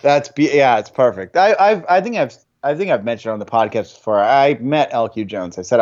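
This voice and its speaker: A man's voice: medium pitch, animated, normal speed, few pauses, a little mellow, no room sound. Man telling film anecdotes, dull audio. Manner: anecdotal, many restarts and fillers. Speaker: podcast host. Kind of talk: casual film chat.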